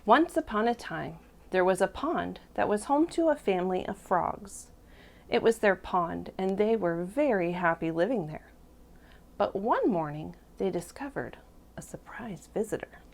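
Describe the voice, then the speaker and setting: Animated woman reading to preschoolers. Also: mid-range voice, a little slow. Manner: expressive, lively voices for animals. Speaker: preschool teacher. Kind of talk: children's storybook read-aloud.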